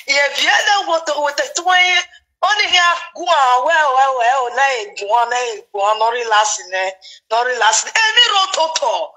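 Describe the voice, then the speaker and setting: A woman's voice: high-pitched, normal speed, low-quality recording. A woman with a Nigerian Pidgin accent, chatting animatedly about gossip and repeating herself for emphasis. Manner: animated, repetitive, excitable. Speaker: gossip commentator. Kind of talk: casual gossip chat.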